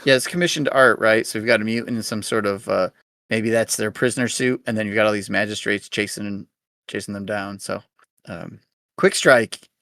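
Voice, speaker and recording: A man's voice: lowish voice, steady tone, a little fast, fairly bright tone, no room sound, clean studio sound. A man hosting a podcast, easygoing and chatty, reading game cards aloud and thinking aloud. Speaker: podcast host.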